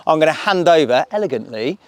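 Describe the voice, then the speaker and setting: A man's voice: fairly high pitch, expressive, fairly quick, no room sound. A man giving an upbeat prize-giving speech outdoors, full of effusive thanks. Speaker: event organiser. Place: outdoors at a fishery.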